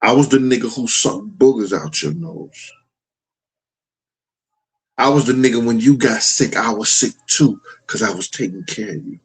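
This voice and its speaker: A man's voice: medium pitch, lively intonation, normal speed, low-quality recording. Blunt, profane man hosting a livestream. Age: middle-aged. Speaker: livestream host. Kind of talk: casual livestream talk to chat.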